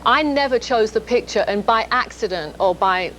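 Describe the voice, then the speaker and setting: A woman's voice: a little high, lively intonation, normal speed, a bit bright, a little hiss or hum, poor audio. A woman in her thirties from London with a London accent, chatting as a guest on a TV shopping show and laughing often. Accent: London English. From England. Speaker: guest actress. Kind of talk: casual chat. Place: TV shopping studio.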